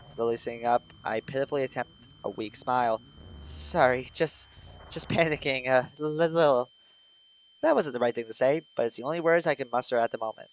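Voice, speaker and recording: Young man reading a game aloud with loud outbursts. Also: medium pitch, low-quality recording. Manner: excitable, swears loudly in sudden outbursts; reads narration in a steady, subdued voice. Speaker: streamer. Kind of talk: reading a game story aloud with live reactions.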